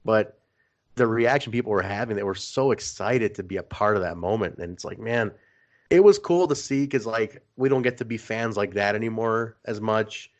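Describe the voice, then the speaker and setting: A man co-hosting a casual podcast who tells stories with animated energy, swears freely and laughs often. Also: fairly low pitch, normal speed, muffled recording. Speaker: podcast co-host. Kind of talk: casual chat.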